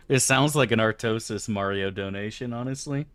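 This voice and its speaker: A man's voice: medium pitch, normal speed, few pauses, fairly bright tone, dry recording. A man casually commenting on his gameplay for viewers, joking and crude. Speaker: streamer.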